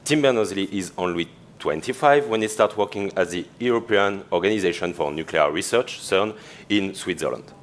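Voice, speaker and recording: A man with a French accent giving a conference talk on stage, chatty and quick to laugh, with lots of fillers. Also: low-pitched. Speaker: conference speaker.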